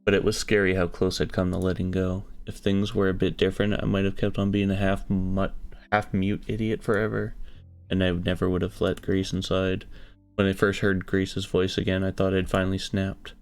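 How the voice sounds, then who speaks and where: A man's voice: low-pitched, completely flat delivery, moderate pace, clean tone, faint music behind. A man streaming a visual novel, reading the narration aloud in an earnest storytelling manner.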